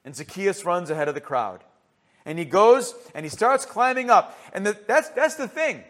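Male preacher, high voice, sermon delivery, passionate, many rhetorical questions, shifts from loud to hushed. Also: sing-song, moderate pace.

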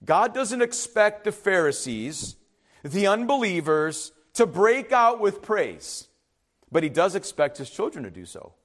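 A male pastor preaching a sermon, emphatic and swinging from loud exhortation to hushed asides. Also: high-pitched, big pitch swings, a little slow. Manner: emphatic preaching, rising and dropping sharply; acts out skeptics in hushed asides.

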